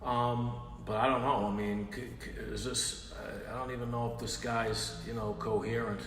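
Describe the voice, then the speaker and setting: A man's voice: medium pitch, flat delivery, normal speed, faint music behind. Exasperated man in an echoey room. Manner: exasperated, shouting to get an answer, muttering curses under his breath. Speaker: stream host. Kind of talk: casual live-stream comedy bit. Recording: echoey room with long reverb, faint hiss.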